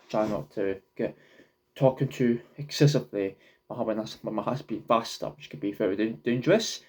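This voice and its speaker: A man's voice: lowish voice, a little mellow. A young man talking casually to camera in his own vlog, rambling, often stopping and restarting his words. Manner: halting, repeats and restarts words. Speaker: vlogger.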